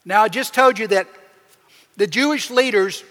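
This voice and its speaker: A man preaching a sermon as pastor, with emphatic swings in pitch and loudness as he acts out the people he quotes. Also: normal speed. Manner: preaching with emphatic shifts, acting out quoted voices. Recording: long hall reverb.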